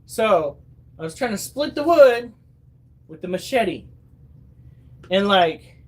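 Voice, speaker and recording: Chatty high-voiced man telling stories. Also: big pitch swings, slow. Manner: chatty, swears freely, acts out quotes. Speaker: vlogger. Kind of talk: casual storytelling to viewers. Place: at home.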